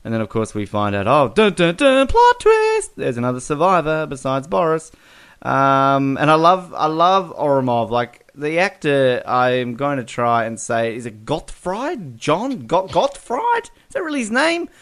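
A man's voice: mid-range voice, very animated, a little slow, fairly bright tone. A man co-hosting a podcast, chatting casually about a film and laughing often as he retells scenes. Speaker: podcast co-host. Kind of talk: casual movie review chat.

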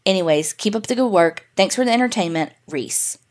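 A woman's voice: mid-range voice, animated, brisk. Woman co-host reading a listener story. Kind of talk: reading a listener email aloud.

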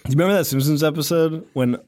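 A man's voice: fairly high pitch, fast talker, darkish tone. Casting note: young male co-host, easygoing jokey banter, laughs a lot. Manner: joking, chatty, laughs often. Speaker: podcast co-host. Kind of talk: casual chat.

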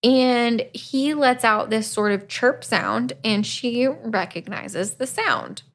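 A woman's voice: a little high, slow. Chatty woman recapping a book. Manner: chatty, acts out quotes from the book. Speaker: podcast co-host.

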